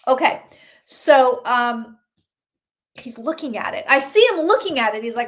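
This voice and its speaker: A talkative woman with a fairly high voice, reading tarot cards live for her viewers. She talks casually and exclaims freely as she answers questions from the chat. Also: a little slow, fairly bright tone. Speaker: psychic reader.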